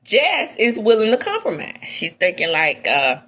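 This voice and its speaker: Woman doing gossip commentary, blunt and opinionated, mid pitch, goes low then real high when she's making a point. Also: huge pitch swings, normal speed, pushed and bright. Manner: outspoken, swings from low mutters to high exclaims. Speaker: entertainment gossip host.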